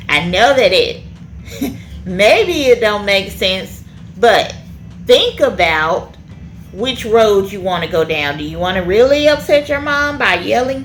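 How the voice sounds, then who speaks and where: A woman teaching a children's church lesson in an animated way, often checking in with the kids by asking "okay?". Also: medium pitch, a little hiss or hum.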